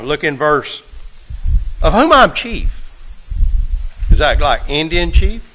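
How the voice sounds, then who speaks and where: A man preaching a sermon, folksy and full of rhetorical questions, swinging from loud to hushed. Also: fairly high pitch, huge pitch swings, slow pace, a little hiss or hum, rough recording.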